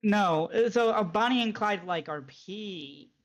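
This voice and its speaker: A man's voice: high-pitched, lively intonation, a little slow, crowd noise. A man talking loosely over voice chat, swearing casually as he signs off his own stream. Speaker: fellow streamer.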